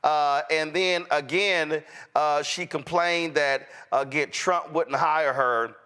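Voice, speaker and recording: A man's voice: a little high, steady tone, slow pace, bright, forceful tone, clean tone. A man hosting a political commentary show, talking bluntly and emphatically in a colloquial way. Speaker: host.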